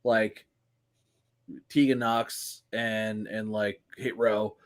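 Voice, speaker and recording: A man's voice: fairly low pitch, little pitch movement, drawn-out words. A man co-hosting a casual wrestling podcast, joking and rambling, swearing freely. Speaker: podcast co-host.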